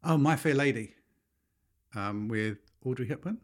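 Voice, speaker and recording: A man's voice: mid-range voice, a little slow. A man in an easy, chatty podcast conversation. He explains at length, laughs often, and talks in an everyday middle register. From England. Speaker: podcast co-host. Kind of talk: casual chat.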